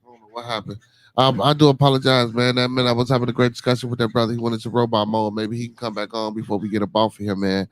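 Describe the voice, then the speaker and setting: A man with a Chicago accent hosting a casual call-in podcast, talking deliberately, stumbling over repeated words and calling people "man" and "brother.". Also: medium pitch, little pitch movement, no room sound. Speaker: podcast host.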